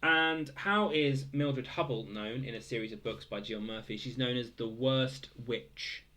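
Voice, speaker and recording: A young man hosts a casual quiz recap, pitched right in the middle for a male voice. He reads each answer in a relaxed, halting way, full of "uh"s and "um"s. Now and then he drops in dry, self-mocking jokes. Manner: hesitant, many fillers, dry joking asides. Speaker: quiz host.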